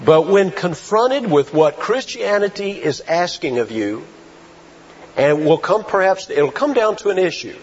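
A man preaching a sermon, asking rhetorical questions and stressing key phrases slowly. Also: high voice, lively intonation, darkish tone, a little hiss or hum. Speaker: pastor. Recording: dull lo-fi sound.

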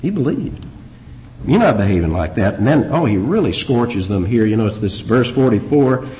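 A man preaching a verse-by-verse sermon as pastor, emphatic and animated, with rhetorical questions to his listeners. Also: mid-range voice, moderate pace, a little hiss or hum. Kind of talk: expository sermon. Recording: dull lo-fi recording.

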